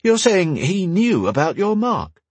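A man voicing a fiery young warrior princess in a storybook reading, sharp and commanding. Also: mid-range voice, lively intonation, slow, breathy edge, no room sound, voice pushed up, heavily acted. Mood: indignant.

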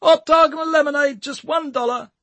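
A man's voice: very high voice, steady tone, fairly quick, sharp tone, dry recording, pitched above the performer's own voice, heavily acted. A man voicing a self-conscious young man who reluctantly calls out to passers-by to sell hot dogs. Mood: hawking. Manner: reluctant, calling out then muttering.

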